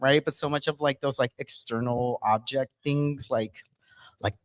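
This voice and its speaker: Podcast host guy, mid pitch, careful and kinda hedgy, lots of likes. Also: steady tone, normal speed. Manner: thoughtful, hedging, many fillers like "like". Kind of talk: casual podcast chat. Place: studio room.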